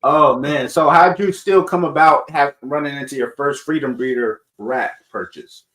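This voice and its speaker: A man hosting a podcast, talking in a relaxed, chatty way. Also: fairly high pitch, moderate pace. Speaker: podcast host. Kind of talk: casual podcast conversation. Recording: roomy, echoey room sound.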